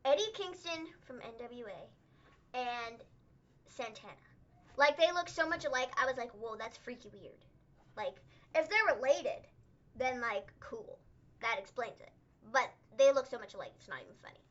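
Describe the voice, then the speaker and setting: A woman co-hosting a casual livestream recap, chatty and excitable, peppering her talk with "like". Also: sits high, normal speed, dull audio. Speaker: co-host.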